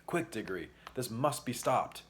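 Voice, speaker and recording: A man voicing a brave young girl who talks in a quick, practical way in a storybook reading. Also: mid-range voice, animated, slight background noise, lightly acted. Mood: urgent.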